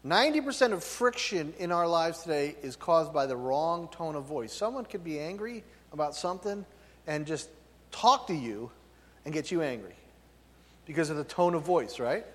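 A man preaching a sermon, loud and emphatic, often checking in with his listeners. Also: on the high side, animated, moderate pace. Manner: loud, emphatic, tag questions. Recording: long hall reverb.

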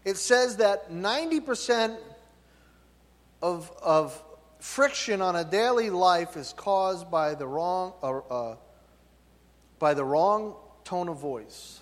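A man preaching a sermon, loud and emphatic, often checking in with his listeners. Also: sits high, lively intonation, takes it slowly. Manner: loud, emphatic, tag questions. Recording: long hall reverb.

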